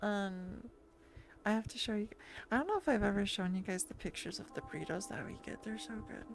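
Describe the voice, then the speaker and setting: A woman's voice: mid-range voice, animated, a little fast, soft background music. A woman streamer chatting casually and rambling with her viewers, full of restarts and little laughs. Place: lying down at home.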